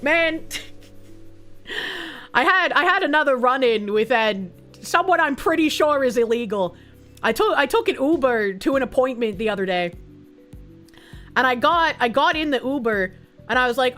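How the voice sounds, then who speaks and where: A woman streamer chatting casually on a livestream, reading posts aloud and telling an animated story in which she acts out both sides. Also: sits high, moderate pace, pauses often, faint music behind.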